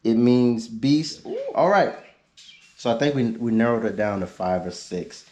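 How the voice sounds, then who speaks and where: A man's voice: mid-range voice, unhurried, darkish tone, a little hiss or hum. A man, chatting casually on his car vlog, reading out viewer suggestions with laid-back joking asides. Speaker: YouTube car vlogger.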